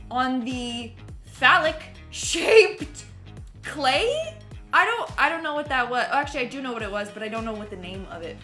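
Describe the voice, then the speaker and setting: A woman's voice: fairly high pitch, pushed and bright. A woman hosting a clip reaction video, chatting casually with slang and giggles. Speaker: host reacting to clips.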